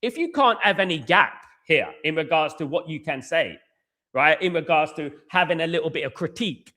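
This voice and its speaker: With a high, fairly bright voice and a British English accent, a young man hosts a football podcast's fan live stream. He rants at length and repetitively, reads out viewer comments, and keeps saying "at the end of the day".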